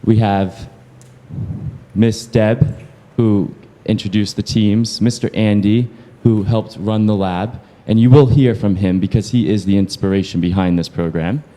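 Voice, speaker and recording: A man's voice: fairly low pitch, fairly even intonation, unhurried. A man organizing the program, thanking staff by name and calling them up to the stage. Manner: warm, listing names, inviting people up. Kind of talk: thank-you speech at an event. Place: large event hall at a university.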